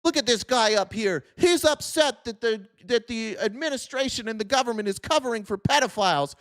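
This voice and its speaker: A man's voice: extremely high pitch, animated, fairly quick, fairly bright tone, no echo, clean studio sound, pitched above the performer's own voice. A man voicing a dismissive critic who sneers at him, in a sarcastic, mocking tone.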